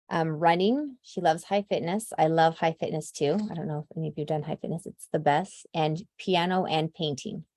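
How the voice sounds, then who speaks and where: A woman with a fairly low, slightly mellow voice is heard in clean studio sound with no room sound. The company's founder, from Idaho, USA, she presents casually and upbeat to her new team over a video call, running through long lists with lots of fillers and openly admitting she tears up easily.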